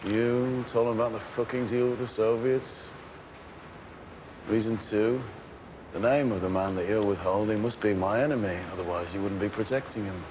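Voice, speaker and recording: An actor playing a cold, clipped gang leader. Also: male voice, on the low side, close to an everyday voice. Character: cold, controlled Birmingham gang leader, man. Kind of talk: television crime drama acting. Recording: film soundtrack with background noise.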